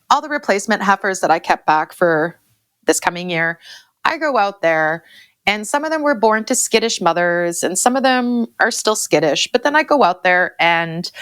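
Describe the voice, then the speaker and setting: A Canadian woman in her forties talks frankly as a guest, emotional and open, often repeating her words. Her voice is mid-pitched and sits close and dry on the mic. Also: fairly bright tone, dry recording. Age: 40s. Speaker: guest farmer. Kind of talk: candid interview talk.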